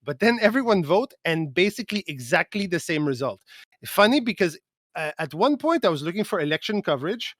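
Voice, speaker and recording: A man's voice: high-pitched, big pitch swings, brisk, fairly bright tone, dry recording, studio quality, heavily acted. A man from Quebec putting on an exaggerated Quebec French accent in broken English, dropping articles and tacking "okay?" onto his points during a podcast chat. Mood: ranting.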